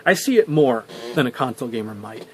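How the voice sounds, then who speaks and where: A man's voice: mid-range voice, animated, fairly quick. A young man telling a story for a vlog. He rambles, swears and restarts his sentences often. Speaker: vlogger.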